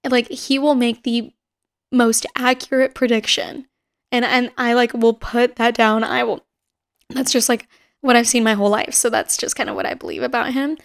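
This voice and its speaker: A woman's voice: a little high, moderate pace, creaky. A woman in her twenties chatting casually on her own podcast, rambling through stories with lots of fillers and the odd laugh. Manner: laughs now and then while telling stories. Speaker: podcast host. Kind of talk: casual chat.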